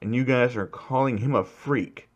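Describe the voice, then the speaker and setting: A man's voice: mid-range voice, moderate pace, highs cut off, close to an everyday voice. A man voicing an indignant teenage girl who speaks in a pressing way.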